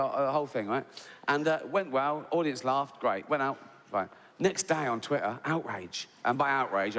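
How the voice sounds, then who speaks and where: Male stand-up, animated storyteller, echoey live hall, crowd noise behind. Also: mid-range voice. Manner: animated storytelling, mimics others' voices. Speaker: stand-up comedian. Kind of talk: stand-up routine. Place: large venue with audience.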